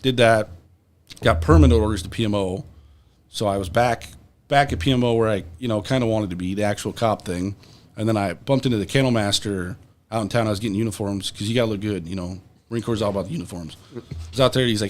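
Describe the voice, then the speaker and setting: A man's voice: lowish voice, fast talker. A young adult man, a podcast guest, telling rambling, profane stories in casual talk. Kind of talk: casual storytelling.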